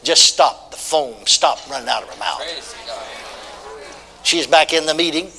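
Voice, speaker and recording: Older male preacher, high and bright, emphatic sermon delivery in a reverberant hall. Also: unhurried, creaky, a little hiss or hum. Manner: emphatic, repetitive, leads call-and-response. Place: church.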